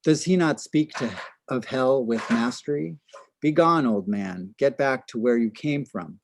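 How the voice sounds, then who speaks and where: A man voicing a rowdy crowd of revellers who jeer and cheer, a touch louder than his reading voice. The sound is dry and close. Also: mid-range voice, unhurried, no echo. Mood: mocking. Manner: mocking.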